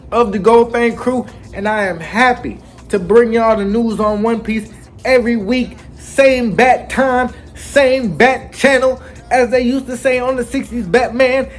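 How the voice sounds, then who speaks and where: A man hosting a casual anime chapter recap, telling it with lively slang and acting out the characters. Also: high-pitched. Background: faint background music.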